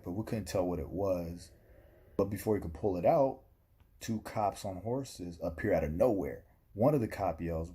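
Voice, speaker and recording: Young man, dry comic storyteller, deep and husky, casual vlog feel. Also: mellow. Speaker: vlogger.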